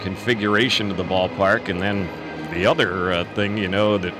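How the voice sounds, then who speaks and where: A man calling a baseball game as the play-by-play announcer, steady and informative, reading the count and the sponsor spots. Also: low-pitched, normal speed, music in the background. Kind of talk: radio baseball commentary.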